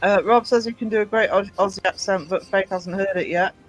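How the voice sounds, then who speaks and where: Chatty high-voiced man with mixed Scots-American accent. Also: fairly even intonation, fairly quick, faint music behind, poor audio. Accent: mixed Scottish and American. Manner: chatty, reads out viewer comments. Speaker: host reading chat messages. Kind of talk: casual livestream chat.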